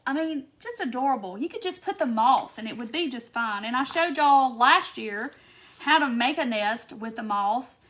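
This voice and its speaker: A woman with a slightly high voice hosts a casual craft live stream. She talks in a chatty, gushing way and reads her viewers' comments aloud as she works. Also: animated, moderate pace, a bit bright. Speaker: craft tutorial host.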